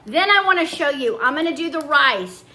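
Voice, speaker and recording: A woman's voice: high-pitched, expressive, normal speed, bright, forceful tone. An older woman chatting casually at home as a vlogger, homey and talkative, drifting into little asides. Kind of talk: casual chat.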